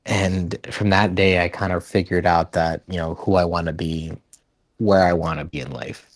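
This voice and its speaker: A man's voice: deep voice, fairly even intonation, moderate pace, no room sound. Man casually rambling through stories. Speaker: podcast guest telling stories. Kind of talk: casual storytelling interview.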